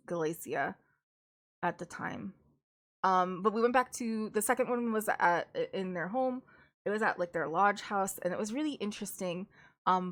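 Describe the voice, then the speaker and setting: A woman casually reviewing books on a live stream, chatty and rambling, with frequent laughs and restarts. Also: medium pitch. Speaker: book streamer.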